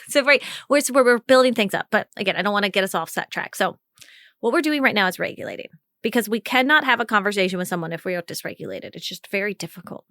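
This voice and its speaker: A woman's voice: mid-range voice, lively intonation, fast talker, a bit bright, no room sound, studio quality. A woman hosting a live coaching call, chatty and encouraging, laughing often as she guides the talk. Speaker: podcast host and communication coach.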